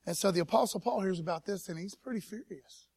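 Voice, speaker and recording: High-voiced, laid-back man preaching. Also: fast, darkish tone, breathy edge, dry recording. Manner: laid-back slangy preaching, peppered with "man" and "you know what I mean"; calls for audience response. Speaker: pastor. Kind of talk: casual sermon. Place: church service.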